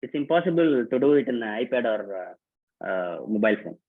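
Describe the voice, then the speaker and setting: A man with a medium pitch and lively intonation talks fairly quickly as he welcomes participants to a live online workshop. His casual, repetitive delivery keeps calling out names and instructions, heard through tinny video-call audio.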